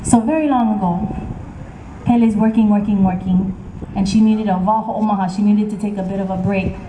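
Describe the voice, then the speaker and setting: Lively woman storyteller, mellow voice, echoey outdoor stage. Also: mid-range voice, brisk, a little hiss or hum. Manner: lively, chatty, teasing. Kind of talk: live oral storytelling to an audience.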